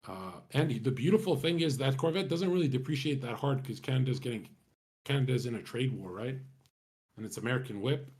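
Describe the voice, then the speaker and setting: A man's voice: mid-range voice, animated, a little fast, a little mellow, slightly rough. A man talking casually to his stream chat, rambling and swearing, with many restarts.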